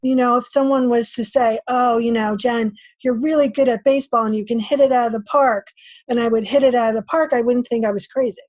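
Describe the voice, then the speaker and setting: Animated, high-voiced woman storyteller. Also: a little fast, dry recording. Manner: animated storyteller acting out her own inner voice. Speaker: podcast guest. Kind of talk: casual interview talk.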